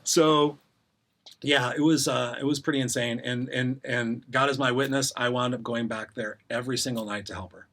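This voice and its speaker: A man's voice: medium pitch, steady tone, moderate pace, a bit bright. A middle-aged man, a podcast guest, candidly telling his story in casual interview talk and acting out the voices he quotes.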